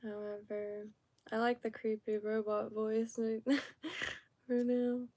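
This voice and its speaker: A woman streamer from Florida chats in a slow, unhurried way, her voice mellow and soft. She rambles, trails off and starts over, sitting a little high in pitch. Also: little pitch movement. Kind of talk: casual live-stream chat.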